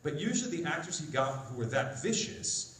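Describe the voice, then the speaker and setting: A man on a convention panel telling anecdotes, with a lively voice that swings up and down as he acts out quotes. He sounds fairly high for a man, and he is picked up from a distance by a phone in the audience. The big hall echoes around him, with faint crowd noise behind. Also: a little fast. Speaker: voice actor guest on a convention panel. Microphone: phone recording from the audience.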